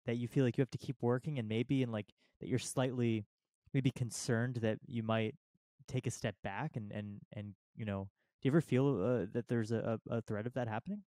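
A man hosting a podcast, asking thoughtful questions in a halting, searching way. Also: mid-range voice, fairly even intonation, warm tone, no room sound, clean studio sound. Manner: halting, restarts and fillers while framing questions. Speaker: podcast host. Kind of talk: interview questions.

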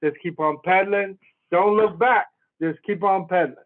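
A man with a fairly high voice gives a warm-hearted motivational pep talk, coming back to the same refrains again and again. He is heard over a video call, and the audio is thin and narrow like a phone line. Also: moderate pace. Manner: encouraging, repeats refrains.

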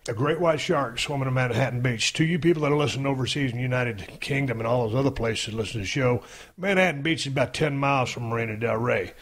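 Husky, profane storytelling man. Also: medium pitch, quick pace. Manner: profane, animated storyteller who acts out quotes. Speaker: podcast host. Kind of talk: casual storytelling chat.

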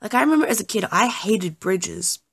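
Gravelly-voiced young woman gaming. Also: mid-range voice, animated, fairly quick, fairly bright tone. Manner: self-deprecating, apologetic, chatty. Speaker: gaming YouTuber. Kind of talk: casual gameplay commentary.

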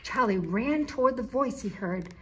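A woman author reading her children's picture book aloud, in a slow, clear storytelling manner. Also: a little high, lively intonation.

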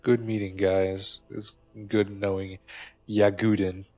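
A man's voice: low-pitched, little pitch movement, takes it slowly, dark tone, muffled recording, faint music behind. A man giving casual, joking gameplay commentary, swearing and talking back to game characters. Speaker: gamer.

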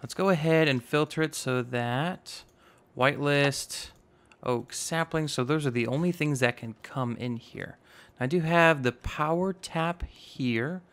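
A man in his twenties with a slightly raspy voice, casually narrating a building game and rambling as he goes. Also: a little high, unhurried, fairly bright tone. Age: 20s. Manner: rambling, self-teasing, narrates each step aloud. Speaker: gaming YouTuber. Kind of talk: casual Minecraft let's play commentary.

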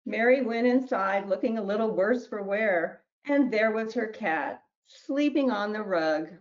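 A woman who wrote a children's book reads it aloud with gentle storybook narration and small slips, then talks about it. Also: medium pitch, a little slow, highs cut off. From New Mexico, US. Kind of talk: reading her picture book aloud.

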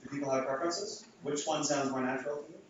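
A man with a slightly high voice talks fast while giving an academic lecture to a live audience in a lecture hall. He speaks conversationally, with frequent restarts and fillers. The sound is dull and echoey, picked up far from the mic with slight background noise.

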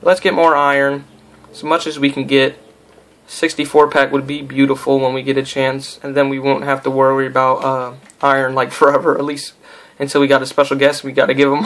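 A man's voice: on the high side, a bit bright. A young man giving casual, rambling let's-play commentary, goofing around and talking to himself and the game. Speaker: gameplay commentator.

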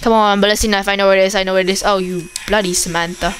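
A woman giving casual, excitable commentary while playing a zombie shooter game, chattering at the game and the enemies. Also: mid-range voice, rapid-fire, smooth, rough recording. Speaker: gameplay commentator.

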